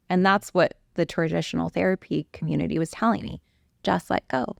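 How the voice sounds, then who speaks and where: A middle-aged woman coach telling a personal story in an interview, animated and acting out quoted exchanges. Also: lowish voice, brisk, creaky, no echo, clean studio sound.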